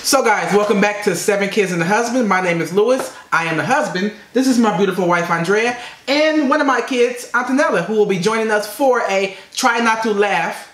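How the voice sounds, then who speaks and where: A man's voice: high voice, a little fast, hardly any pauses. A young man hosting a casual family reaction video, joking and teasing while he keeps score. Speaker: host. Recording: echoey room with loud noise.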